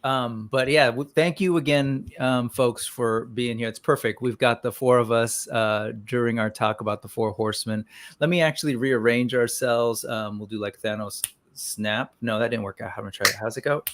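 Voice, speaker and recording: A man's voice: medium pitch, steady tone, moderate pace, no echo. A man hosting a casual toy-news livestream, rambling and upbeat with many fillers, greeting viewers by name.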